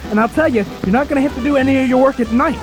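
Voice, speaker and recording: Brash high-voiced man. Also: rapid-fire, music in the background, low-quality recording. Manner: brash, mocking, opinionated. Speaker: talk show co-host. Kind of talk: casual radio talk show banter.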